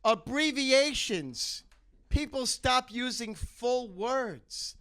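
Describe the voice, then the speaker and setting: A male stand-up comic with a notably high voice, firing off short setups and landing the punchlines deadpan. His delivery is clipped and punchy. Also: drawn-out words, smooth. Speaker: stand-up comedian. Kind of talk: stand-up one-liners.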